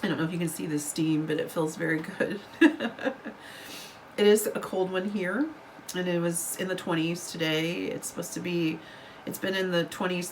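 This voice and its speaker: A woman's voice: lowish voice, slight background noise, rough recording. A woman, a book vlogger chatting casually to camera over coffee, rambling and giggling, still getting over an illness. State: recovering from illness.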